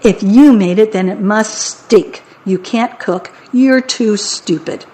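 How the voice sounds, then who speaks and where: A woman's voice: medium pitch, slow, dark tone, lightly acted. A woman reading a storybook and voicing a sullen, contrary schoolgirl who dislikes everyone and speaks with scorn. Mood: scornful.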